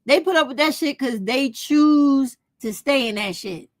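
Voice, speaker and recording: A woman's voice: high voice, expressive, a little slow, dry recording. A woman, talking straight to her viewers in a casual opinion vlog, blunt and profane. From United States. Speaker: vlog host.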